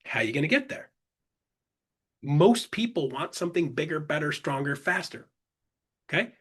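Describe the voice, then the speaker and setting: A man's voice: fairly high pitch, expressive, fairly bright tone, breathy edge. A man leading a casual online coaching session, jokey and upbeat, who keeps checking in with the listeners and acts out little sales dialogues. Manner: jokey and upbeat, peppers points with "right?" and "guys"; acts out buyer and seller dialogue in quick back-and-forth. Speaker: webinar presenter and business coach.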